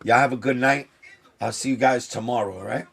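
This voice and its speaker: A sneaker vlogger talks to camera casually but with real emotion, circling back and repeating himself as he opens up. His medium-pitched voice is gravelly, a bit bright, and breathy at the edges, with fairly even intonation and a brisk pace.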